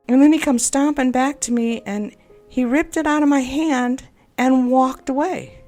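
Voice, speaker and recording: A game video creator delivers a personal venting monologue, her high-sitting, slightly mellow voice moving at a measured pace. She tells a personal story in a rambling, upset, exasperated way, full of self-doubting asides, with faint music in the background.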